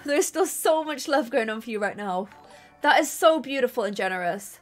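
A woman's voice: fairly high pitch, expressive, moderate pace, soft background music. A woman live-streaming a game, chatting and gushing thanks to her chat. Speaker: gaming streamer.

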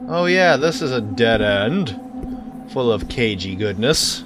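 A man's voice: medium pitch, sing-song, slow, noisy background. A man giving jokey let's-play commentary, talking back to the game and stuttering when startled. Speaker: gaming channel host.

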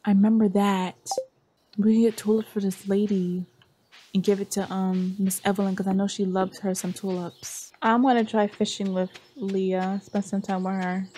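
A woman's voice: mid-range voice, little pitch movement, moderate pace, mellow, slight background noise. A young woman giving casual, chatty commentary while playing a game, often scolding the characters on screen. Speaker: gameplay streamer.

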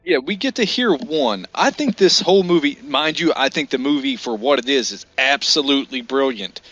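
A man's voice: medium pitch, lively intonation, moderate pace, a bit bright, no room sound, lo-fi sound, faint music behind. A man co-hosting a casual movie podcast, retelling scenes with enthusiasm. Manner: enthusiastic storyteller, acts out lines. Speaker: podcast co-host. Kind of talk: casual movie review chat.

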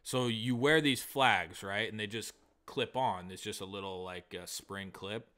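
A man co-hosting a comedy podcast, telling a long profane story in a casual, animated way. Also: fairly low pitch, a little slow. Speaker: podcast co-host.

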